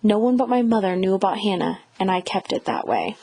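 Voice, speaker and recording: A woman narrating a first-person audiobook in a measured, reflective reading style. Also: mid-range voice, big pitch swings, dark tone, a little hiss or hum, rough recording.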